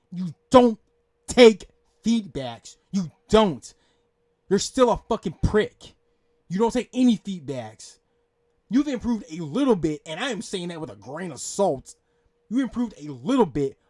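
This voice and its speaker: A man rants angrily into the mic, hurling curses and scolding. His voice sits high and swings widely in pitch as he berates the person he is reacting to. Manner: yelling, profane, scolding. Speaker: reaction channel host. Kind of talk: angry reaction rant.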